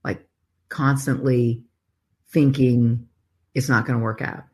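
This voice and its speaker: A woman's voice: rumbling low, little pitch movement, slow pace, darkish tone. A woman co-hosting a casual faith conversation, talking earnestly and searchingly, with many "I mean, literally" asides. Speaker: co-host of a faith talk show.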